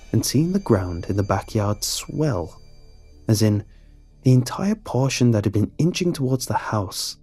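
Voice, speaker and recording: Man, horror story narrator, first-person, deep-ish voice, husky, measured delivery. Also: a little mellow.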